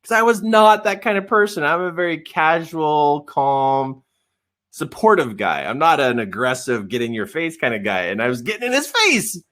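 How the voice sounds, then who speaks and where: A middle-aged man telling a story in a coaching webinar, animated and often laughing. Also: on the high side, normal speed.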